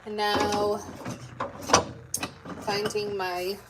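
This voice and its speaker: There's little movement in this woman's medium-pitched voice, and she draws out her words. A homemaking host streaming live from her kitchen, she rambles to viewers and reads their comments, recorded far from the mic with loud background noise.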